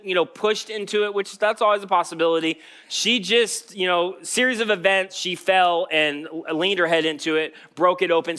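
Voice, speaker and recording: A man's voice: high-pitched, bright, forceful tone, smooth. A man preaching a sermon as pastor, telling a story in a casual, joking way. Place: church stage.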